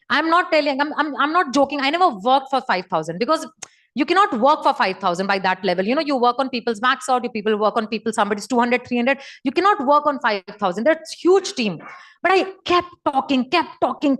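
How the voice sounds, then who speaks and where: A woman giving an emphatic, repetitive motivational talk over a video call. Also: sits high. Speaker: motivational speaker.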